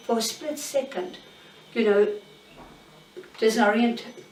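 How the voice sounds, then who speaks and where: A woman in her sixties giving a candid, halting personal account in an interview at home. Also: a little high, steady tone, a little hiss or hum. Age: 60s. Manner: candid, halting, searching for words. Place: bedroom in her own home. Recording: roomy sound, mic at a distance.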